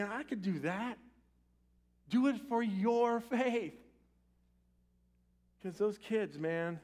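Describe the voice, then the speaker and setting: A man preaching a sermon as pastor in a church, swinging from loud urgent appeals to quiet, intimate lines. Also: sits high. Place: church sanctuary.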